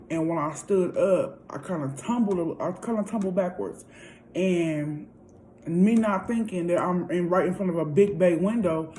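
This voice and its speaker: A woman's voice: fairly low pitch, warm tone, slight background noise, poor audio. A woman vlogger telling a story in a casual, chatty way, often calling out to her viewers directly. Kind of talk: casual storytime while eating.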